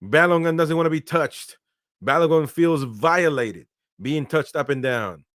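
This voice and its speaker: Casual man, fan-style play-by-play, smooth voice, dry close mic. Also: a little high, a little slow, a bit bright, no room sound. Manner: casual play-by-play, talks to viewers, laughs often. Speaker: watchalong host. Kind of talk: live match commentary and chat reading.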